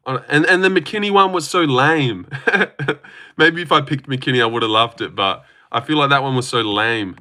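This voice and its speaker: A man's voice: mid-range voice, normal speed, pushed and bright. A young man rambling casually on a live stream, reading chat aloud and teasing viewers. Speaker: livestreamer.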